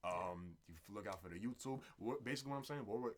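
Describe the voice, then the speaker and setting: Slangy New guy, lowish voice. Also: quick pace, a crowd in the background. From New York. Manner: rambling, slangy, animated storyteller. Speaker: podcast co-host. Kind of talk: casual chat.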